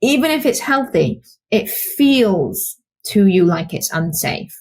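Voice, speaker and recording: Women mulher britânica, animada, contando histórias. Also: female voice, medium pitch, slow pace, slightly rough. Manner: animated storytelling, acts out quoted voices. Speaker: podcast co-host, psychologist. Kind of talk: casual podcast conversation.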